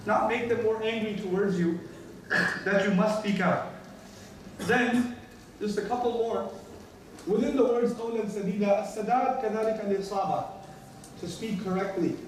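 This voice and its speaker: American guy preaching friday sermon, high voice, big echoey hall, mic a ways off. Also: far from the mic, slight background noise. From United States. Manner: emphatic, repeats key phrases, acts out quoted dialogue. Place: mosque prayer hall.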